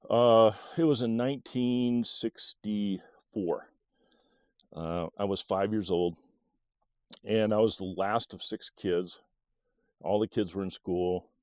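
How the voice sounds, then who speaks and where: A man in his sixties from Michigan, telling a childhood memory in a halting, casual way with many fillers and small chuckles. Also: fairly low pitch, a little mellow, clear, resonant tone, dry recording. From Michigan, USA. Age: 60s. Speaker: storyteller. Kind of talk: casual personal storytelling.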